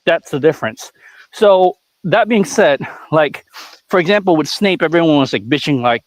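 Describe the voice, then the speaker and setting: Casting note: a man with a slightly high voice, a blunt, cursing live-stream host, dry close sound. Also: expressive, brisk, no room sound. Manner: blunt, profane, ranting. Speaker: figure store owner and stream host. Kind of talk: casual live-stream chat.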